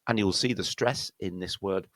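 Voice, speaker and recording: A man with a British accent teaching pronunciation, slowing down to spell out words with exaggerated care. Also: sits low, fairly bright tone, no room sound. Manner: slow, exaggerated demonstrations of words. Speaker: accent coach. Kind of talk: pronunciation lesson.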